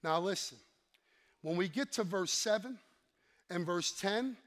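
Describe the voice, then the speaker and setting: A man's voice: high-pitched, animated, unhurried, fairly bright tone. A man preaching a sermon with emphatic, repetitive declarations, leading his congregation in call-and-response and slipping in playful asides.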